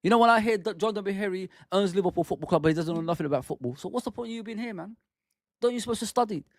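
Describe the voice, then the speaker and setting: A man's voice: high-pitched, rapid-fire, no echo, clean studio sound. A man hosting a football fan channel, ranting with heated, exasperated commentary and some swearing.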